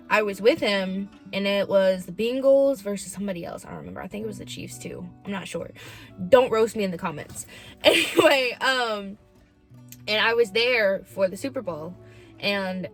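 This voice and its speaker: A woman's voice: mid-range voice, a bit bright. Candid young woman telling a personal story. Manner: emotional, candid, heavy use of "like". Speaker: podcast host. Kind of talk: personal confessional vlog.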